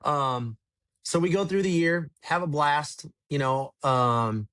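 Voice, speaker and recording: A man's voice: on the high side, animated, slow pace, fairly bright tone, dry recording. A man telling stories in a casual podcast chat, rambling and laid-back, swearing now and then. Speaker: podcast guest, tour manager. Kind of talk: casual storytelling.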